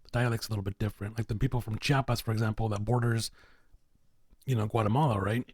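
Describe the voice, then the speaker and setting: A man's voice: lowish voice, fairly even intonation, fast talker, a little mellow, no echo. A man talking as a podcast guest in a casual, rambling way, filling nearly every phrase with "you know". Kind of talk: casual conversation.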